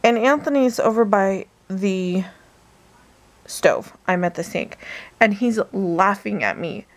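Slow, gravelly-voiced woman chatting from bed. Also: mid-range voice, animated. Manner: rambling storytelling, drops to whispers. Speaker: vlogger. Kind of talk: casual bedtime vlog chat. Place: bedroom, in bed.

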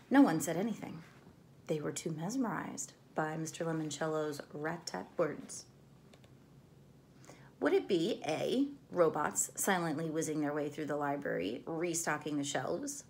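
A woman reading a chapter book aloud to children in a gentle, clear storytelling voice. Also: low-pitched, unhurried, slight background noise.

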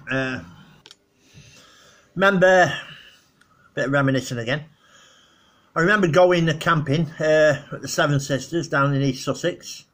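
A man's voice: fairly high pitch, fairly bright tone. A middle-aged man, rambling casually through old memories on his vlog and laughing at his own stories. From northwest England. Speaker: vlogger.

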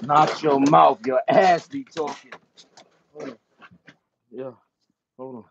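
A man ranting to the camera about his dogs, repeating insults in a slow, taunting manner. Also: on the high side, fairly even intonation, gravelly. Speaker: dog breeder and channel owner. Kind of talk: angry rant to camera. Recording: dull lo-fi sound with faint noise.

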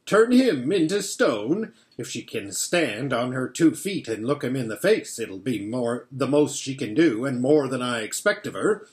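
A man's voice: mid-range voice, animated, normal speed, few pauses, natural voice. A man reading aloud and voicing a homely, earnest male beaver with a folksy, emphatic way of talking. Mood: hearty.

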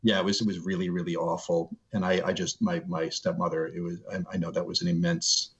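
Man, middle-aged, low voice, muffled video call sound, earnest storytelling guest. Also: level tone, fairly quick. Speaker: guest, seminary professor. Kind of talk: reflective interview storytelling. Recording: dull lo-fi video call audio.

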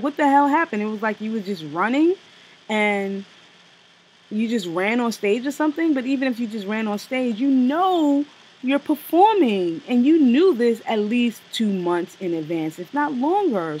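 A woman co-hosting a casual review chat, blunt and animated, with slang and profanity. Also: a little high, normal speed, a little hiss or hum, rough recording. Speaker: co-host reviewing a TV special.

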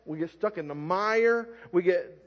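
High-voiced preacher man in a reverberant church. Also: measured pace. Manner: preaching, swings from loud calls to quiet asides. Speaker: pastor. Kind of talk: sermon. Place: church sanctuary. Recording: dull lo-fi church recording with long reverb.

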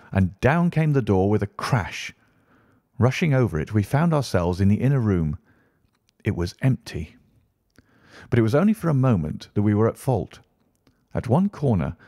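Low, mellow male audiobook narrator. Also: no room sound, studio quality. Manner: measured, steady reading. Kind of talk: scripted narration.

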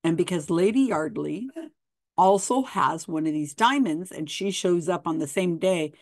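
In a clean, dry studio recording with no room sound, a female host talks through a story casually at a moderate pace. Her voice sits on the low side and is animated, and she reads passages containing quoted dialogue, chatting away and frequently starting over.

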